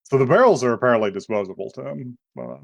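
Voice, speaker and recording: A man co-hosting a podcast, recapping an anime in a relaxed, rambling way with casual swearing. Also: medium pitch, fast talker, gravelly, no room sound, muffled recording. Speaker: podcast co-host.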